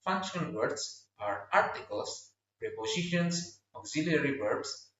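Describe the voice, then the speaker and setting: Young male student teacher, slow and lively, voice a bit high, roomy dull recording from a distance. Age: young adult. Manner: slow, clear explanations with exaggerated stress on example words. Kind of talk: classroom pronunciation lesson.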